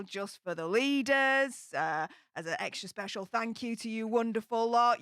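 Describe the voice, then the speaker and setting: A bubbly woman chats on her livestream with a high, bright voice. She greets viewers one after another in a warm, lively flow. The sound is dry and close. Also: clean tone, dry recording. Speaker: livestream host. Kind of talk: casual livestream chat. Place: home studio.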